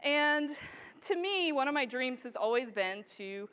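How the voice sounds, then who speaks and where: A woman giving an enthusiastic, animated storytelling presentation to a live audience. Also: high voice, unhurried, smooth. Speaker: wildlife photographer giving a stage presentation. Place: large hall with a live audience. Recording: reverberant hall sound.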